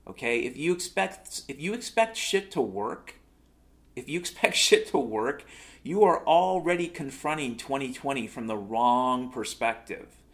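A man delivering a sarcastic, profane monologue rant, telling stories and complaining as a show host. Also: fairly high pitch.

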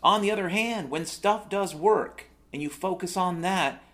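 A man's voice: high voice, unhurried, fairly bright tone. A man delivering a sarcastic, profane monologue rant, telling stories and complaining as a show host.

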